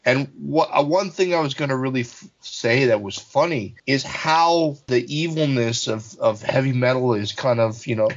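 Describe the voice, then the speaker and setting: A man's voice: mid-range voice, moderate pace, few pauses. A man in his forties co-hosting a podcast in casual chat, telling rambling stories with lots of fillers. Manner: rambling storyteller, many fillers. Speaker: podcast co-host. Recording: slightly dull lo-fi audio.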